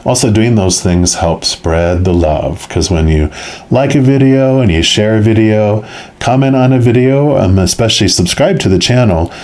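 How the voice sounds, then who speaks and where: A man's voice: on the low side, moderate pace, a little mellow. A man giving a tarot reading, telling a story casually and rambling with many fillers. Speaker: tarot reader.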